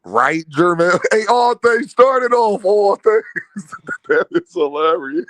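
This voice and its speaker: High voiced guy ranting about boxing on his stream, keeps laughing, dead dry sound. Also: lively intonation, slow pace, fairly bright tone, no echo. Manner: laughs a lot, mocking, repeats a running catchphrase; talks to live chat, slangy. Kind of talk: casual live-stream commentary.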